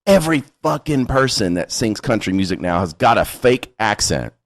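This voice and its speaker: A man's voice: lowish voice, big pitch swings, normal speed. Man, podcast host, casual chat, blunt, profane, laughing.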